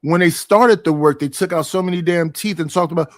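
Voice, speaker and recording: A middle-aged man rants to his stream from home. His talk is profane and animated, and he keeps asking rhetorical questions. His voice sits a little high and sounds dry and close. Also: fairly quick, hardly any pauses, no room sound. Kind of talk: casual ranting monologue.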